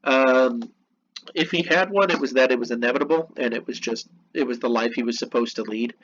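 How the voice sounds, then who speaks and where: A man's voice: mid-range voice, brisk. A man reading lesson notes aloud and explaining them with casual, chatty asides. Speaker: teacher. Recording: dull lo-fi recording with faint noise.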